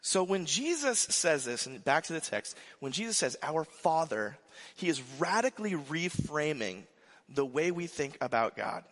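Animated preacher man in an echoing hall. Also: fairly high pitch, normal speed. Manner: animated, frequent restarts and asides. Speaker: pastor. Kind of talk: conversational sermon. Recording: long hall reverb.

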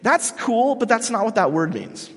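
A man's voice: extremely high pitch, sing-song, normal speed, slightly rough. A man preaching a sermon in a casual, joking, storytelling way, as the pastor of the congregation. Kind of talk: conversational sermon. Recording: long hall reverb.

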